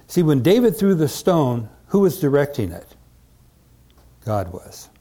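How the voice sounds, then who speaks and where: Animated pastor guy preaching, keeps asking "see?", mellow voice. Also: fairly high pitch, unhurried. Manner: emphatic, repeats rhetorical questions. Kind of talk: sermon.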